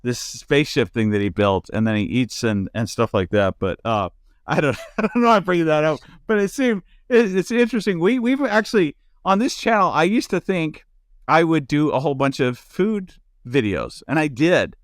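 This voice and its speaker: A man's voice: on the high side, lively intonation, normal speed, no room sound, studio quality. A man hosting a podcast in casual chat, rambling with lots of restarts and fillers, from the United States. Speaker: podcast host.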